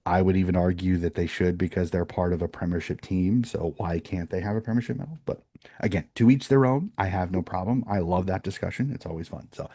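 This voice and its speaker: A man's voice: low voice, brisk, warm tone, no echo. A man co-hosting a sports podcast, chatting casually and rambling through opinionated points with frequent restarts. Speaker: podcast co-host.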